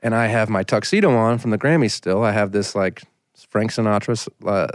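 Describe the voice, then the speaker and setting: A man's voice: fairly low pitch, brisk, dry recording, studio quality. A man in his thirties, a singer-songwriter guest on a podcast, telling a long, rambling anecdote with lots of "like" fillers. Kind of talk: casual storytelling in a podcast interview.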